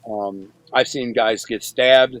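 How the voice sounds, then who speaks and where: Speaking slowly, a middle-aged Michigan man uses a medium-pitched, fairly bright voice with fairly even intonation. As a guest on a podcast, he tells a story in slangy, relaxed language and retells scenes by performing the quoted dialogue.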